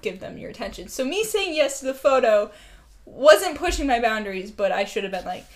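A woman's voice: on the high side, a little fast. A young woman co-hosting a podcast, chatting casually and telling stories animatedly, with lots of "like" and laughter. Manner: animated storytelling, full of "like" and laughter. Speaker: podcast co-host. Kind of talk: casual chat.

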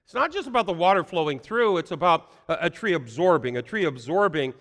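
A man preaching a sermon in an earnest tone, repeating key phrases and filling pauses with "uh". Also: fairly high pitch, lively intonation, a bit bright, in a large hall. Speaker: pastor.

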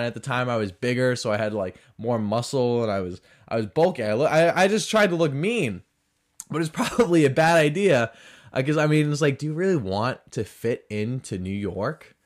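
A man hosting a podcast, talking in a rambling, sarcastic way, full of "like" fillers, in a casual comedic monologue. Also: mid-range voice. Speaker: podcast host.

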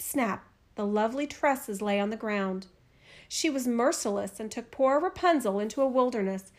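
Woman storyteller, fairy tale read aloud, somewhat high voice, expressive, measured.

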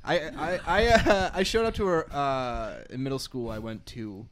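A man's voice: medium pitch, moderate pace, slight background noise. A young man on a podcast, telling a self-mocking story in a rambling way with stumbling restarts. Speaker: podcast guest. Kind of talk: casual storytelling. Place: podcast studio.

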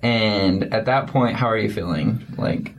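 Husky-voiced man co-hosting an interview. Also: lowish voice, a little slow. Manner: friendly, brief encouraging interjections. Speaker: podcast co-host. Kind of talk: casual interview.

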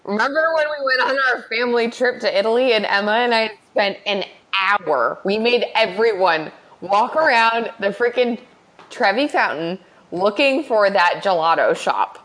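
Young female co-host, mid-pitched, wry and quick with jokes, casual chat. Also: expressive, a bit bright, poor audio. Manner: wry, chiming in with jokes and reactions. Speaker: podcast co-host. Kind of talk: casual chat reviewing a movie.

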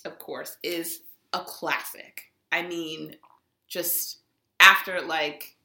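A woman's voice: deep voice, vocal fry, roomy sound. A young woman co-hosting a podcast, chatting casually and reacting expressively. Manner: expressive, reactive, quick to laugh. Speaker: podcast co-host. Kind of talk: casual chat.

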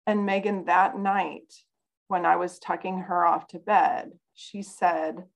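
A woman's voice: fairly low pitch, little pitch movement, unhurried, gravelly, poor audio. A woman guest on a podcast, telling a personal story in an earnest, candid way. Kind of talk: casual conversation, personal storytelling.

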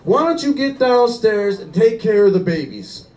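A man voicing a hot-tempered Italian-American father with an exaggerated accent, shouting in exasperation in a stand-up impression. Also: big pitch swings, normal speed, echoey room, distant mic. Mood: indignant. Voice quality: shouting, exasperated, high-pitched.

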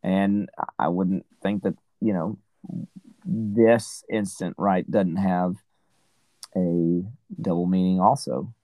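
A man's voice: deep voice, fairly even intonation, slow pace, mellow, dry recording, poor audio. A man casually discussing a Bible passage as a podcast co-host, rambling with many "right?" and "you know" asides.

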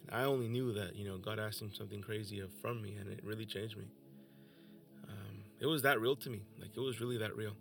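A man's voice: lowish voice, fairly even intonation, fast, gravelly, soft background music. A young man hosting a podcast, telling his personal faith testimony in an emotional, earnest way. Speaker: podcast host.

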